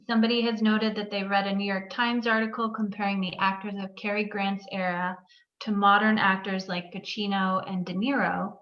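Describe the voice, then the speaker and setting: A woman moderating an author talk over a video call, politely thanking the guest and reading out audience questions. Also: mid-range voice. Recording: roomy, dull video-call audio.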